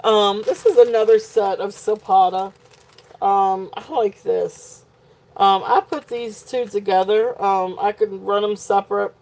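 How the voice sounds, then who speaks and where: A woman's voice: medium pitch, fairly even intonation, unhurried, darkish tone. A woman with a southern Virginia twang, hosting a live jewelry sale in a rambling, chatty way with lots of fillers. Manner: rambling, filler-heavy, giggly asides. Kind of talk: live-stream sales chat. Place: home, shop setting.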